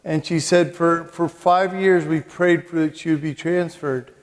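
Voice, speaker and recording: Chatty priest telling stories in a reverberant church. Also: male voice, a little high, fairly even intonation, a little slow, slight background noise. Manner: chatty, self-mocking, with asides and comic timing. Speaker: Catholic monk and priest giving a retreat talk. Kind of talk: humorous storytelling retreat talk. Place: church hall before a live audience.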